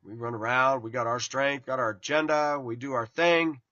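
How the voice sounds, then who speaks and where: A man giving a blunt, informal sermon to his online viewers, tired and yawning, his voice swinging from loud to hushed. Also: mid-range voice, steady tone, normal speed, no echo, lo-fi sound. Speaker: online preacher.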